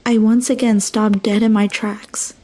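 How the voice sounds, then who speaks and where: A woman narrating a first-person horror story in a hushed, slow, tense storytelling manner. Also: medium pitch, little pitch movement.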